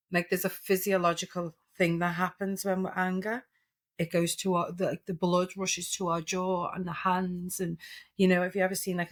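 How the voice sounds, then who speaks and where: Earnest middle-aged woman coach, lowish voice with little lift, practical examples. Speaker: therapeutic coach, podcast guest. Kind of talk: reflective interview talk.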